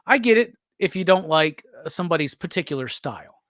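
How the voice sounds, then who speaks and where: A slightly high-voiced man hosting a loose chat, swearing freely and slipping into quick impressions of other people. His voice sits close and dry, with no room around it. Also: no room sound. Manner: animated, profane, slangy, acts out quotes. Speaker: host. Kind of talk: casual conversation about comics.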